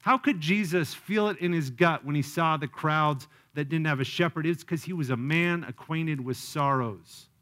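A man's voice: on the high side, normal speed, few pauses, fairly bright tone. A man preaching a sermon as pastor, earnest and personal, often asking the congregation direct questions.

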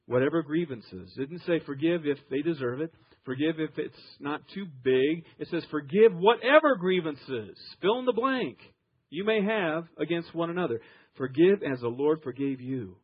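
Husky male pastor, a bit high-pitched, emphatic story-driven sermon, lo-fi radio sound. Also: animated, normal speed. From Iowa. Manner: storytelling preacher, emphatic, swings loud and soft.

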